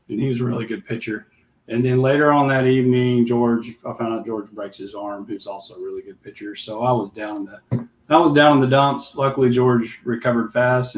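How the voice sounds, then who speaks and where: A man, a youth baseball manager chatting casually and joking easily. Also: medium pitch. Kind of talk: casual chat. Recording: roomy echo.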